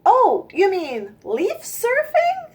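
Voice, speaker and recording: A woman's voice: very high voice, huge pitch swings, extremely slow, darkish tone, voice pushed up, full character voice. A woman voicing a timid, dreamy little girl gosling in a storybook read-aloud, with a small, eager childlike voice. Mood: excited.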